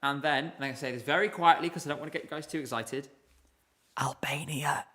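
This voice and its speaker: A man's voice: fairly high pitch, racing, pushed and bright. A man hosting a casual live stream, chatty and rambling, chatting with viewers from his desk. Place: home room at a desk with laptops.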